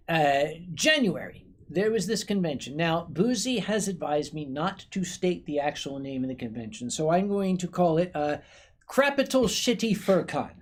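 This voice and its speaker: A man hosting a stream, telling a long story in a dry, rambling way while a bit tipsy, clearing his throat often. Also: high-pitched, poor audio. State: tipsy from drinking sake. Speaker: convention chairman and stream host. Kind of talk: casual storytelling chat.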